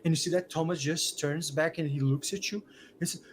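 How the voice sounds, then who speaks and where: A man's voice: a little high, steady tone, a little fast, a little hiss or hum. A man running a tabletop game as game master, setting scenes with lots of "like" and restarts.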